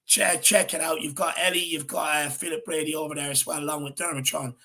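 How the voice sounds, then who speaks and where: A man's voice: a little high, steady tone, quick pace, pushed and bright. A man with an Irish accent hosting a football fan show, talking casually and energetically, calling people "my man" and "brother.".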